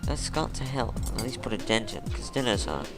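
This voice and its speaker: Casting: male gamer, casual musing commentary, mid-pitched, music bed. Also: very animated, normal speed. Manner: musing, thinking aloud. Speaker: gameplay commentator.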